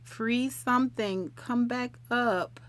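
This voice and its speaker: A woman's voice: on the high side, takes it slowly, a bit bright. Middle-aged woman host, easygoing live chat with viewers, homespun expressions. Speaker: livestream host.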